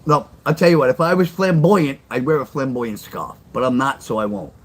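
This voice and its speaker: An older man talks straight to his viewers in a blunt, rambling livestream chat, doubling back on his own words. His voice sits at an ordinary middle pitch, and a faint hiss of noise runs under it. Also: brisk. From New York. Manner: blunt, rambling, repeats himself. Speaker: livestream host and storyteller. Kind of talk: casual livestream chat with chat readers.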